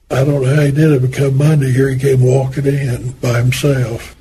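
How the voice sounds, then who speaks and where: A man's voice: medium pitch, flat delivery, moderate pace, hardly any pauses, dark tone, slight background noise, poor audio. An older man in an oral history interview, telling folksy anecdotes about a former boss and acting out the dialogue as he goes.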